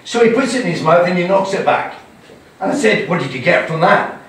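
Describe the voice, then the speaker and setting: A man leading a live whisky tasting, telling stories with theatrical, animated flair. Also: sits high, fairly quick. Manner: theatrical, animated storyteller acting out his stories. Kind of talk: live tasting talk with anecdotes. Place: indoor event venue with an audience. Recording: very echoey room, distant, faint hum.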